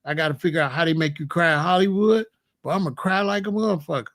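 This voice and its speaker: Man, high voice, casual commentary rant, boastful, streetwise, joking. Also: fast talker, creaky, a bit bright. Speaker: commentary channel host.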